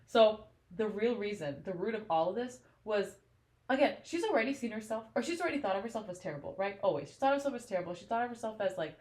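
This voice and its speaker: A woman's voice: mid-range voice, expressive, quick pace, a little mellow. A young adult woman co-hosting a podcast, chatting casually and emotionally about a novel and reading passages aloud. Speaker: podcast co-host. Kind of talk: casual book discussion.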